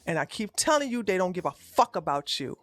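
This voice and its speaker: A woman's voice: fairly low pitch, very animated, fairly quick, no room sound. A woman streamer giving heated live-stream commentary in a profane, fiery rant, recorded at a home streaming setup.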